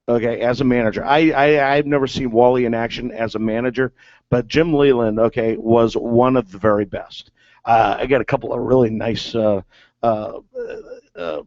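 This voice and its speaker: A man's voice: medium pitch, darkish tone, dry recording. A man, a former ballplayer, telling stories in a casual, rambling way, filling gaps with "uh" and "okay". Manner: rambling, filler-heavy with many "okay"s. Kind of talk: casual storytelling. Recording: dull lo-fi sound.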